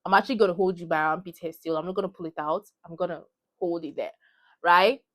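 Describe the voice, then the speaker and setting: A young Nigerian-accented vlogger rants heatedly about a movie to her phone camera, repeating lines for emphasis. Her voice is on the low side and steady, and she talks fast.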